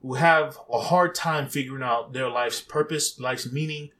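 A man giving a casual, blunt opinion rant to his viewers, animated and mildly profane, with chuckles between his points. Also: mid-range voice, normal speed. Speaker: vlogger.

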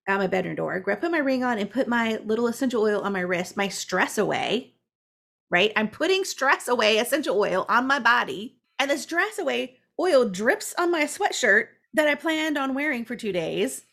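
Woman, podcast co-host, casual storytelling, animated, creaky voice. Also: a little high, normal speed. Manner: chatty, animated, frequent "like" fillers.

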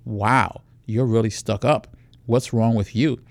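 A man acting out a pushy male predator who flatters and then needles, in a raised, animated voice. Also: sits high, moderate pace, creaky, dry recording, voice pushed up. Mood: needling. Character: pushy smooth-talking adult male predator.

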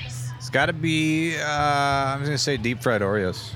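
A young man co-hosting a podcast with a smooth radio voice, dry humor and slow fillers. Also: medium pitch, noisy background. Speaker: podcast co-host. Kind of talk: casual chat.

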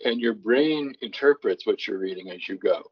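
A low-pitched man with a husky, somewhat breathy voice talks through how he builds a song from a psalm. He speaks thoughtfully, doubling back on words as he works out his point. The audio is dull and lo-fi. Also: expressive, normal speed. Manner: thoughtful, restarts often, reads scripture aloud with varied emphasis. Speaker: songwriter guest. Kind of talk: conversational explanation.

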